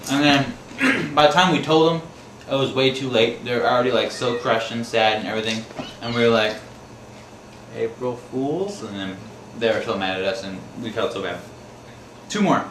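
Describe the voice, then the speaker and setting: A man's voice: mid-range voice, fairly even intonation, brisk. A man casually telling funny and scary stories from his life, rambling and laughing as he goes, acting out the screams. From Wisconsin, USA. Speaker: storyteller. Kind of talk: casual personal storytelling. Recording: echoey room with faint background noise.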